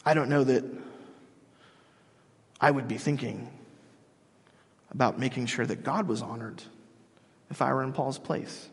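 A man's voice: mid-range voice, unhurried, pauses often, breathy edge. A man preaching a sermon in a casual, joking, storytelling way, as the pastor of the congregation. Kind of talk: conversational sermon. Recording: long hall reverb.

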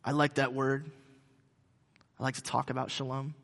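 Man preaching with bright, ringing voice. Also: mid-range voice, flat delivery, gravelly, in a large hall. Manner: conversational, halting with many restarts. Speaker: pastor. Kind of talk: sermon.

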